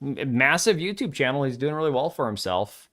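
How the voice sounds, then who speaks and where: A man's voice: medium pitch, very animated, brisk, a bit bright. A man from Washington state hosts a casual gaming livestream. He rambles through opinions and chat messages, blunt and offhand, with the odd swear word. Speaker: livestream host.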